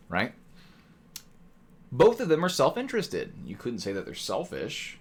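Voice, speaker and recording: A man's voice: mid-range voice, wildly swooping pitch, a little slow, long pauses, slightly rough. Streamer-style male lecturer, loose and chatty, fond of rhetorical "right?". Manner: talkative, rhetorical "right?" tags, mock voices. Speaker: streamer teaching economics. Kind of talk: casual lecture to live chat.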